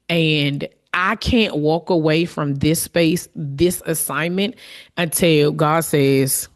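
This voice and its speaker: In a reflective solo monologue on her own podcast, a low-pitched woman talks candidly and from the heart, with fillers and restarts along the way.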